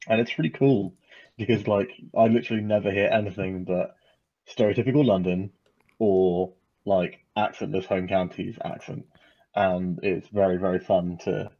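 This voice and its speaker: Low, mellow male co-host on a muffled lo-fi mic, loose and filler-heavy. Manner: animated, talks with a lot of fillers. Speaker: podcast co-host. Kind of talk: casual chat. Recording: dull lo-fi mic.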